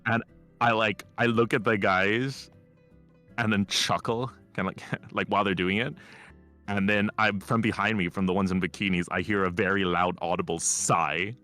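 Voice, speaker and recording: A low-pitched man with a bright, forceful tone tells stories with cocky, teasing swagger. He chats loosely on a streaming mic, with faint music underneath. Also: fairly even intonation, normal speed. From Ireland. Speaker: collab guest streamer. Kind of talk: casual chat.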